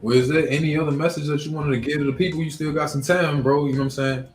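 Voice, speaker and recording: A man's voice: on the high side, fairly even intonation, fast talker, soft background music. Chill guy cohost saying bro a lot, roomy echo. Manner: laid-back, says bro a lot. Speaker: co-host. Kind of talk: casual interview talk.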